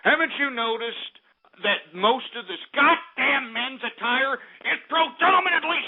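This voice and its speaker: A man's voice: very high voice, animated, unhurried, gravelly, a little hiss or hum. A man hosting a comedic show, ranting in an angry, profane, blustering monologue over tinny phone-like audio.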